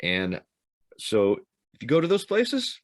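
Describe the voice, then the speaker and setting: A man's voice: medium pitch, huge pitch swings, unhurried, no room sound, studio quality. A man co-hosting a podcast, telling rambling anecdotes with restarts and laughs. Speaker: podcast co-host, former Navy SEAL. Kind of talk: casual storytelling chat.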